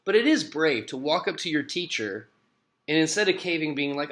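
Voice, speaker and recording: A man reading a children's book aloud to students and pausing to explain it in a friendly, expressive way. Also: a little high. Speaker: teacher.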